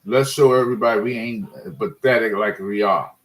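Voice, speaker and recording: A man's voice: fairly low pitch, normal speed, poor audio. Frustrated man ranting about his team. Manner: frustrated, rambling, with restarts. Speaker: sports fan vlogger. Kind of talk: casual ranting monologue.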